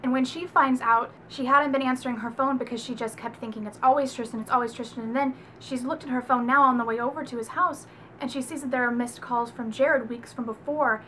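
A young woman gushes her way through a casual book review, emphatic and quick to swear, in a high, bright voice. A faint hum runs beneath the recording.

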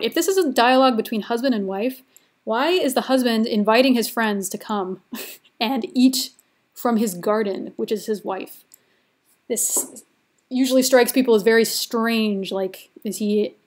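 Chatty woman lecturer, fairly high voice. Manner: chatty, informal, many "like" and "kind of" fillers. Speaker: literature lecturer. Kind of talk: recorded online lecture.

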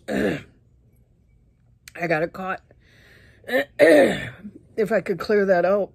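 A woman vlogging casually to her viewers, out of breath and clearing her throat often, talking in halting restarts. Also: on the low side, no room sound. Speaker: YouTuber eating spicy candy. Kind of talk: casual vlog talk to camera.

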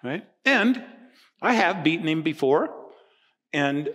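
A man in his sixties preaching a sermon as pastor, telling stories in a lively way and acting out both sides of conversations. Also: on the high side, slow. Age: 60s. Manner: animated storytelling, acting out dialogue.

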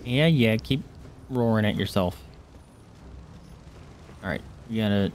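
A gaming streamer comments live on his play, lurching jittery from muttered asides to startled yelps and curses. His voice sits at a medium pitch, slightly bright and a little slow, broken by long pauses over slight background noise.

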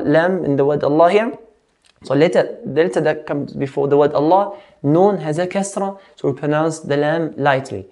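A Quran teacher gives a tajweed lesson, patiently explaining the rules and slowly demonstrating how each word of the recitation should sound. His voice is a little high with a darkish tone.

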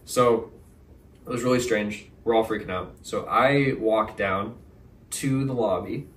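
A man's voice: on the low side, a little slow. Young man telling a story in a roomy space. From Texas. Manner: animated, slangy, says "bro" and "like" a lot. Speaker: podcast guest. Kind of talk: casual storytelling. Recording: roomy, mic at a distance.

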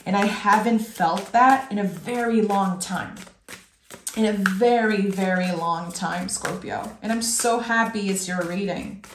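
A woman reading tarot cards with a mid-pitched voice, emotional and on the edge of tears. She talks straight to her viewers in a gushing, personal way. The room has a noticeable echo. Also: a little slow, a little hiss or hum. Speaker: tarot reader. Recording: echoey room.

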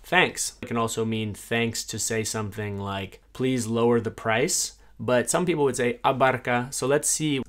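A language teacher with a medium-pitched voice casually reviews a translation tool. He reads each phrase aloud, explains its meaning and tosses in quick asides.

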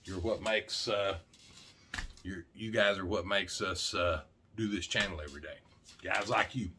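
Folksy man with a bright voice. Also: deep voice, fairly even intonation, unhurried, slight background noise. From Arkansas, USA. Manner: folksy, jokey, talks straight to camera with a lot of "man". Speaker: channel host. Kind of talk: rambling casual vlog talk.

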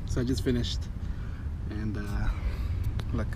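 A man's voice: lowish voice, fairly even intonation, slow pace, very noisy. A young man vlogging to camera, upbeat and rambling, with lots of fillers, first at home and then driving in his car. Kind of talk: casual vlog talk to camera.

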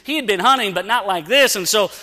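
A man's voice: high-pitched, fast talker. A man preaching and telling a story with lots of energy, acting out sounds and bits of dialogue in a church. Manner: animated, acts out sounds and dialogue. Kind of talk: storytelling sermon. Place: church sanctuary. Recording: long church-hall reverb.

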